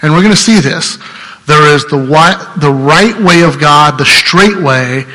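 Male pastor, earnest and chatty sermon delivery, forceful tone, reverberant hall sound. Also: a little high, unhurried. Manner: earnest, conversational, restarts mid-sentence.

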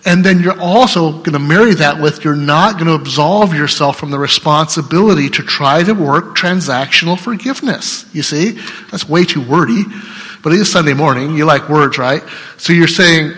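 A man preaching a conversational sermon, his voice sitting a little higher than most. He keeps asking the congregation to agree with him and laughs often. His voice rings with the long reverb of a church hall. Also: moderate pace, a bit bright. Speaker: pastor.

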